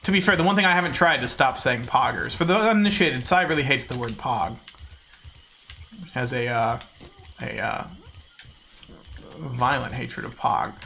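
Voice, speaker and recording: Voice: mid-range voice, moderate pace, creaky, long pauses, sharp tone, slight background noise. A game streamer chatting casually and jokingly with viewers while playing. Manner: self-mocking, jokey, talks to chat. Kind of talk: casual live-stream chat while gaming.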